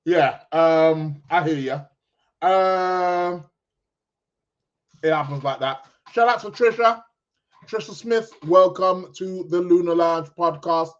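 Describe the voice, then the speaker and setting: A man hosts a casual live-streamed chat, his voice sitting fairly high for a man. He rambles, laughs and trips over his words, correcting himself as he goes. The audio is dull and lo-fi. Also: slow pace, slight background noise. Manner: chatty and rambling, with fillers, laughs and self-corrections. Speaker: podcast host.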